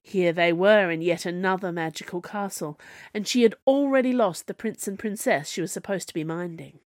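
A woman author reads her own serialised fiction as scripted narration, in a measured storytelling manner. Her voice sits a little low, and the recording is dry and close, with no room sound.

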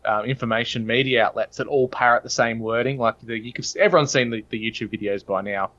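A man's voice: mid-range voice, fast talker, fairly bright tone, lo-fi sound. A man with an Australian accent, a podcast guest talking in long, earnest, opinionated runs. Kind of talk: casual podcast chat.

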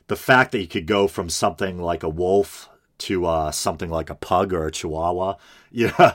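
Low-voiced man giving casual podcast commentary. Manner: laughs often, reads examples aloud, self-correcting asides. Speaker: podcast host responding to a clip. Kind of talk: casual commentary over a played debate.

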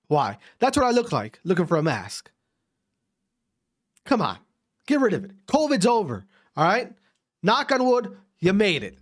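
A man ranting casually to his audience, profane and repetitive, often restarting and repeating his phrases, from Wisconsin. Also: high voice. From Wisconsin, USA. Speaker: vlogger. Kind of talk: casual rant to camera.

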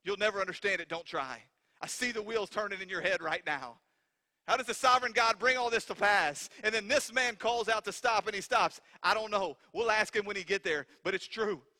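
A male pastor delivers an impassioned sermon in a high, bright, forceful voice. He drives his points home with repeated rhetorical questions. A long hall reverb trails his words in the church sanctuary. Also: a little fast.

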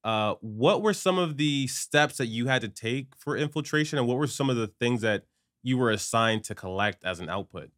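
A man's voice: mid-range voice, lively intonation, normal speed, fairly bright tone, dry recording, clean studio sound. A man hosting an interview show, asking friendly questions and laughing along with his guest. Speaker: podcast host.

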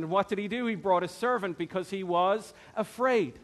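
High-voiced male preacher telling a story. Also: a little fast, hardly any pauses. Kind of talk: sermon.

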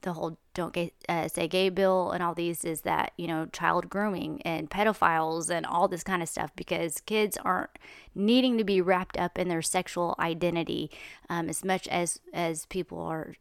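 Woman, rambling casual monologue, heated and chatty, lowish voice, dry close sound. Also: clear, resonant tone, no room sound.

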